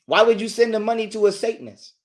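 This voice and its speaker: A man's voice: high voice, quick pace. A man ranting crudely and emphatically as a guest on a livestream. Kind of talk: profane livestream rant.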